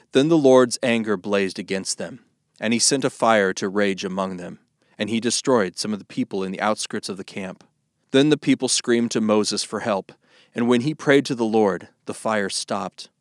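Man reading scripture, steady and measured, lowish voice, dry close sound. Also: no echo. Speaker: Bible reader.

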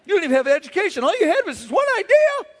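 A man's voice: very high voice, huge pitch swings, racing, a faint crowd, pitched above the performer's own voice, full character voice. A preacher voicing his own pride as a boastful inner voice that goads him, in an echoey hall. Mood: goading. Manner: goading, boastful.

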